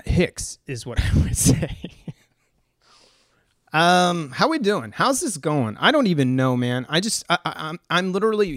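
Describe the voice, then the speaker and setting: An American man talks loosely and jokingly, swearing often and tripping over his words with fillers and restarts. His voice sits at an ordinary middle pitch. The sound is dry and close, with no room echo. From United States. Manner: rambling, profane, joking, with many fillers and restarts. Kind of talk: casual rambling commentary.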